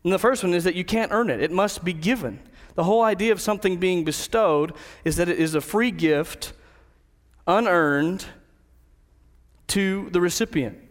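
A man preaching a sermon, telling a personal story and then slowing down to stress key words of a Bible verse. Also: high voice, long reverb tail. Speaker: pastor.

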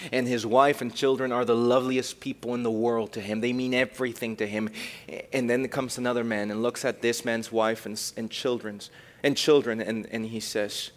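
A young man preaching a youth sermon, shifting between loud emphatic bursts and quiet, reflective passages. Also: lowish voice. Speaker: youth pastor.

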